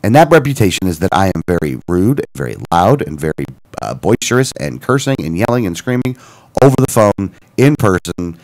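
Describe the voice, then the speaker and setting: A man co-hosting a radio talk show, telling a story in a casual, animated way, acting out both sides of a phone call. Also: on the low side, a little fast. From Florida. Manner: animated, retelling phone calls with quoted dialogue and self-corrections.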